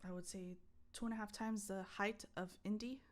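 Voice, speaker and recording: A woman's voice: mid-range voice, moderate pace. A young woman co-hosting a podcast, casually telling a story with lots of swearing, acted-out voices and laughter. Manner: animated, swears, acts out voices and laughs a lot. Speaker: podcast co-host. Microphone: streaming setup mic.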